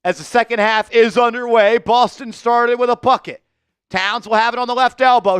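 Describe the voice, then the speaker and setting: Excitable high-voiced man hosting a fan stream. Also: moderate pace, clean tone, no room sound, soft background music. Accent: New York. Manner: shouts and sings-along on made baskets, then calmer commentary. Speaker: fan live stream host. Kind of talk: excited fan play-by-play with chat shout-outs.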